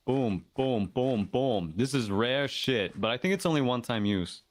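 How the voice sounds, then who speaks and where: A man's voice: medium pitch, animated, moderate pace, dry recording. A man chatting casually and offhandedly during a role-play game.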